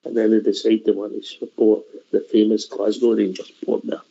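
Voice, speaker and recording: A man's voice: fairly low pitch, flat delivery, fairly quick, dark tone. A man hosting a radio phone-in show, bantering casually with callers over dull lo-fi audio. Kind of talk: casual chat.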